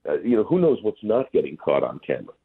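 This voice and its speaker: A man's voice: fairly low pitch, huge pitch swings, fast talker, creaky, husky. A male guest on a phone interview, talking in a rambling, hesitant way with many restarts. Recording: tinny phone line.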